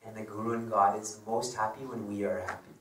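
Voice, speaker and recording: In this devotional talk, a spiritual teacher shares personal anecdotes conversationally and laughs as he goes. His voice is lowish and fairly level, moving a little fast, with slight background noise and the roomy tone of a far-off microphone.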